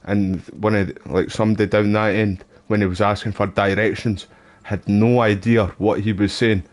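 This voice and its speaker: Low-voiced Scottish man streaming games. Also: level tone, moderate pace. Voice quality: laid-back, swears casually, calls viewers mate and bro. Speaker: gaming live streamer. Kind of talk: casual live-stream gameplay chat.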